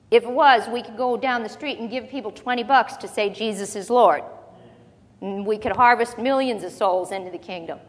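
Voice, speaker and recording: Woman preacher, slightly high-pitched, teaching scripture in a chatty way, reverberant hall sound. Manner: conversational, asks the congregation questions; slows down to read scripture aloud. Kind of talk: sermon Bible teaching.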